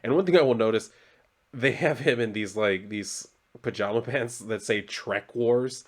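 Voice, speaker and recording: A man's voice: medium pitch, normal speed. A man reviewing a comic book in a casual, rambling recap full of "like" and swearing. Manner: rambling, profane, heavy on "like".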